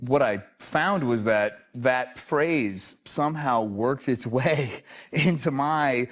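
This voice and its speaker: A man's voice: medium pitch, slow. A man telling an anecdote in an interview, with a speech impediment that turns r and l sounds into w. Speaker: interview guest. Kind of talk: casual anecdote.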